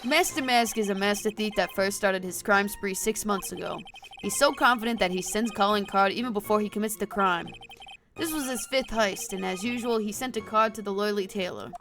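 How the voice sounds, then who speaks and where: A woman's voice: medium pitch, brisk, fairly bright tone, faint music behind, natural voice. Woman reading an earnest clumsy detective. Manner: dutiful report, stumbling over words.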